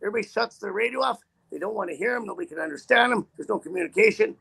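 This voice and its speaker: High gravelly trucker man, cursing. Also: expressive, rapid-fire, bright, forceful tone. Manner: profane, rambling, heated. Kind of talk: casual storytelling in an interview.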